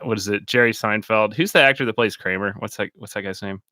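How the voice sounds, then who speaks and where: A male podcast host in casual, rambling chat, often laughing and padding his sentences with fillers. His voice is lowish and recorded dry and close. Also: quick pace, bright, forceful tone, dry recording.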